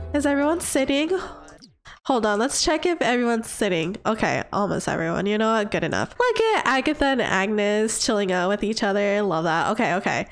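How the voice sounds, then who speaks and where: A woman giving casual let's-play commentary on a life-sim game, excitable and gushing, often squealing and laughing. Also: high voice. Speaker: gaming video creator.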